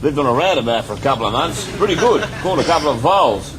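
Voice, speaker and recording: A man's voice: fairly high pitch, lively intonation, fast talker, heavy background noise, natural voice. A man playing a crude, blunt backpacker with a put-on Australian accent. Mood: boastful. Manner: blunt, boastful.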